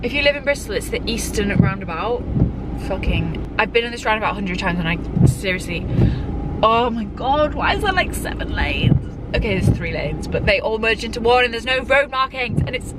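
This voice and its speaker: A young woman in her twenties chatting casually while driving, excitable and swearing often. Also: fairly high pitch, brisk. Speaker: vlogger. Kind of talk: casual chat. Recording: loud road noise from the car.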